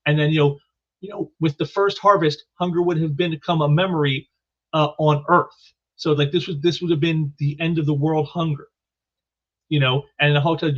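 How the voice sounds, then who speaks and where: A man reviewing a comic book in casual commentary, halting and often repeating words, on a dull lo-fi recording. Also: a little high, fairly even intonation.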